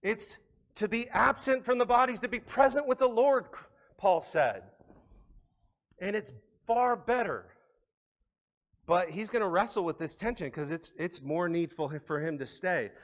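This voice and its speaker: Man, pastor, high-pitched voice, casual animated sermon, frequent restarts. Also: measured pace.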